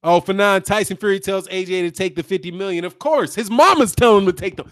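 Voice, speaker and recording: A man hosting a boxing channel stream, chatty and animated, talking straight to his viewers and laughing often. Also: sits high, quick pace. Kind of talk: live-stream boxing commentary.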